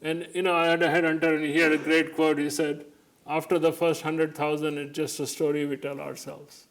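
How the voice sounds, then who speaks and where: A man's voice: fairly high pitch, little pitch movement, a little fast. A man giving a keynote lecture, telling anecdotes and jokes and laughing along with them. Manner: jokey storytelling, laughs along. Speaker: keynote speaker. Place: lecture hall.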